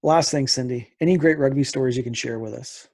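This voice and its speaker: Canadian guy hosting a pod, talks quick, flat and kinda dark voice. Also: medium pitch. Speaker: podcast host. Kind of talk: interview questions.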